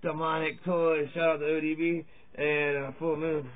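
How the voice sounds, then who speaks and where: A comedy vlogger from Virginia talks at normal speed with a flat delivery and a voice on the high side. Addressing his camera, he rambles through a profane, crude stand-up style monologue, joking and leaping between topics. The recording sounds tinny and lo-fi, much like a phone.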